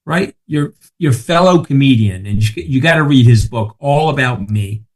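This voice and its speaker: A man chatting on a podcast at middle pitch, launching into rapid, profane anecdotes. He stacks aside on aside and keeps asking if you follow him. His delivery is brisk and blunt. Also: expressive. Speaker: podcast guest. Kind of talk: casual chat.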